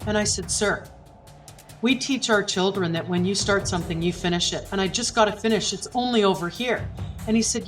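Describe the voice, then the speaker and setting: A woman's voice: mid-range voice, fast, faint music behind, rough recording. A middle-aged woman from Canada, a podcast guest vividly and emotionally retelling a personal story.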